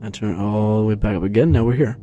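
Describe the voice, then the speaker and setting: The sound is lo-fi, with faint music behind a fast, mellow male voice. He vlogs casually from a carpeted room at home, rambling low-key through fillers and restarts, close to his tabletop USB microphone with headphones on.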